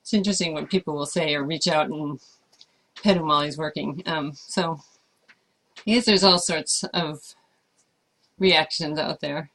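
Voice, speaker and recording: A woman's voice: sits low, normal speed, pauses often, a bit bright. A woman chatting casually as she answers viewer questions about life with her service dog, thoughtful and hesitant, with frequent fillers. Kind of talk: casual Q&A chat.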